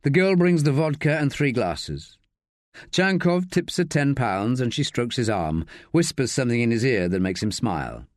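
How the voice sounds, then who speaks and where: A man narrating a crime audiobook in measured, scripted storytelling on a close studio mic. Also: mid-range voice, expressive, dry recording.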